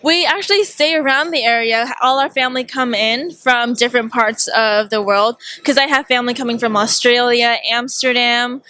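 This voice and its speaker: A woman's voice: a little high, normal speed, hardly any pauses, pushed and bright, dry recording. A woman hosting a casual chat, bubbly and gushing with enthusiasm. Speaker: host.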